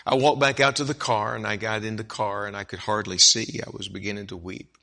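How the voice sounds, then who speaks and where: Bright-voiced man preaching a story. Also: fairly low pitch, brisk, gravelly. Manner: animated storyteller who acts out dialogue, rising to emphatic peaks. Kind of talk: sermon storytelling.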